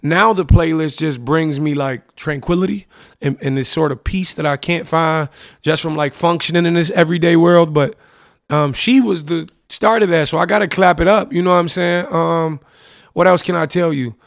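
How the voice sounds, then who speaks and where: A young podcast host with a creaky, higher-than-average voice talks at a moderate pace about a former relationship, candid and casual with plenty of slang and "you know what I'm saying." It's a dry, studio-quality recording.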